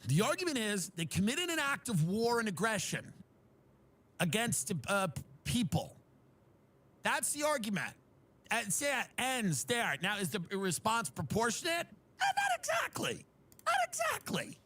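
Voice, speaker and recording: Man, very high voice, bright and sharp tone, sarcastic comedic rant, incredulous. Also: big pitch swings, moderate pace. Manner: acts out friends' voices in mocking asides.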